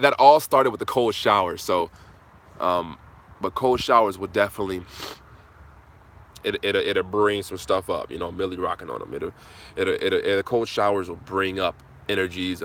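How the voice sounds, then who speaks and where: Guy on a livestream hyping viewers up, sharp bright tone, little hiss behind. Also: low voice, steady tone, normal speed. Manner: impassioned, repetitive, casual "man" fillers. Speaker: channel host answering viewers. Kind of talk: live motivational Q&A.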